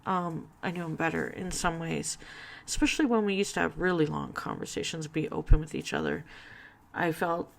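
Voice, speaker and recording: Woman, low gravelly voice, halting, close to tears, personal vlog. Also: very animated. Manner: halting, hesitant, many fillers and restarts. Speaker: vlogger.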